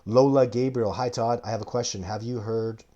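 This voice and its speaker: A man in his forties hosts a live stream, fielding viewer questions in casual talk that's emphatic, rambling and full of tangents, with the odd cough. His voice sits at a medium pitch with a steady, dark tone, moving a little fast, and the high frequencies are cut off.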